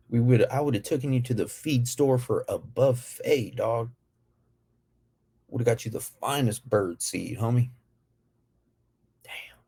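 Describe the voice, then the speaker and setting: A man's voice: fairly low pitch, gravelly, mellow, slightly rough. A man reacting to a story video from home, bantering and joking in slang with lots of "bro" and "dog.". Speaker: YouTube reaction host. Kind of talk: casual reaction commentary. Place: living room.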